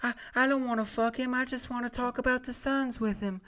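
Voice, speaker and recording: A man putting on a soft, high, breathy impression of a male pop star, pleading and defensive. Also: steady tone, brisk.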